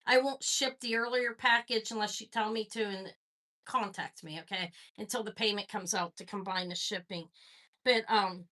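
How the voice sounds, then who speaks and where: Chatty bright-voiced woman hosting a live sale. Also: a little high. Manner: chatty, rambling, greets viewers by name. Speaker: live jewelry sale host. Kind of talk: casual live-stream selling chat.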